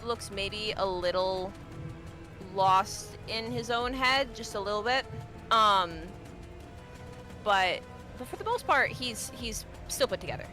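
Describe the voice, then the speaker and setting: A woman's voice: medium pitch, takes it slowly, bright, forceful tone, faint music behind. A woman player on a voice call describing her character in a hesitant, rambling way with many ums.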